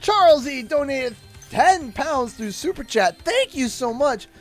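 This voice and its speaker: Excitable Canadian guy, high voice. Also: measured pace, soft background music. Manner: excitable, thanks donors warmly and often. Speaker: game streamer. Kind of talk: live gameplay stream chat.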